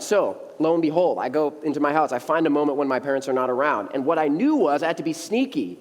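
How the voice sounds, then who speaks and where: A man's voice: on the high side, animated, fast talker. A man in his thirties preaching as a young adults pastor, telling a funny story in a casual, playful way and acting out voices, in a church sanctuary. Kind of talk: humorous storytelling sermon. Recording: long church reverb.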